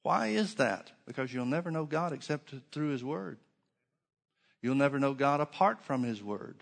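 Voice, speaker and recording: A man's voice: mid-range voice, expressive, normal speed, gravelly, big-room sound. A man preaching a sermon, driving his points home with repeated phrases and rhetorical questions.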